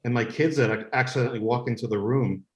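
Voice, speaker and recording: A man, a guest in a podcast interview, tells stories about his show with plenty of enthusiasm and restarts. His voice sits at a middling pitch. The room around him is noticeably echoey. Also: fast talker. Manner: enthusiastic storytelling, many restarts. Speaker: guest, creator of an animated series.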